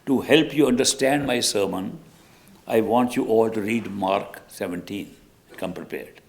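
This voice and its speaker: Man voicing a preachy minister, gravelly, stern. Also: fairly low pitch, unhurried. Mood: announcing. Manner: announcing, preachy. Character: stern male minister addressing congregation.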